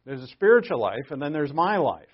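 A man's voice: fairly high pitch, very animated, fairly quick, highs cut off. A man giving a sermon in an earnest, conversational way, stopping to restart and then pressing points with sudden emphasis. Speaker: preacher.

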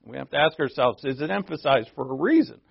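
A man preaching from the pulpit in an easygoing, questioning way, his voice slightly gravelly at a middling pitch. The recording is dry with little room sound and a somewhat dull, lo-fi tone. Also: animated, quick pace, dry recording. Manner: conversational preaching, asks the congregation questions. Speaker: pastor. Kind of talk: sermon.

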